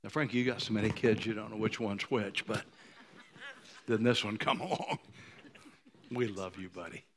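A man in his sixties preaching a sermon, moved to tears, who swings from ringing high declarations down to hushed near-whispers. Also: moderate pace, long pauses. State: emotional, choked up. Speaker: pastor.

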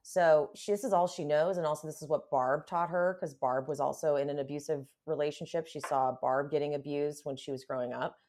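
A woman with a somewhat low voice, hosting a relaxed podcast conversation. She reacts expressively, fills pauses with steady murmurs of agreement and sometimes reads reports aloud. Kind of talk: casual podcast chat.

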